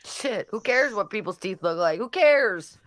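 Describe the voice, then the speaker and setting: A woman's voice: medium pitch, lively intonation, a little slow, a bit bright, dry recording. A woman hosting a casual livestream, reading comments and mocking people in a brash, profane way. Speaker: livestream host.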